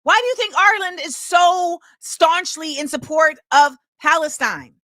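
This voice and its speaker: A woman's voice: extremely high pitch, expressive, normal speed, bright, forceful tone, no echo, studio quality. A woman hosting her own show, delivering an impassioned film commentary monologue and repeating key phrases for emphasis. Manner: opinionated and impassioned. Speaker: show host.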